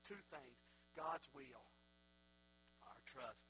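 A man preaching a sermon as a pastor, swinging between loud exclaiming and quiet, hushed passages. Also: medium pitch, lively intonation, extremely slow, music in the background, rough recording.

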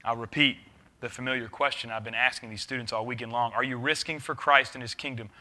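Bright-voiced youth pastor preaching. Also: male voice, medium pitch, fairly even intonation, quick pace. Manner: earnest preaching, swings between loud urging and quiet intensity. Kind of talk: sermon.

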